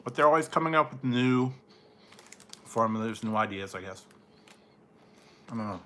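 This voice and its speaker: A man's voice: medium pitch, animated, moderate pace, a bit bright, a little hiss or hum. A man talking casually as a food reviewer, rambling and trailing off with frequent chuckles. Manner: rambling, laughs often, trails off. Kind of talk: casual late-night chat.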